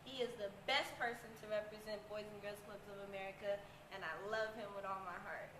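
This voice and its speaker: A woman's voice: medium pitch, fairly even intonation, fairly quick, noisy background. A young woman in an interview, telling stories with enthusiastic emphasis. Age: young adult. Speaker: interviewee, former youth award winner. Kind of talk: casual interview chat. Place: conference venue. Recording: echoey room.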